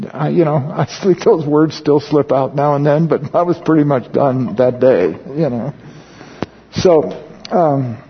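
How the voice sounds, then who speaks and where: A man leads a Bible study in an easygoing, talkative way, often turning to his listeners with quick questions. His voice is gravelly and a little husky. The recording sounds dull and lo-fi. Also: on the high side. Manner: conversational, with frequent questions to the audience; tells personal stories while explaining scripture. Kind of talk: informal Bible teaching.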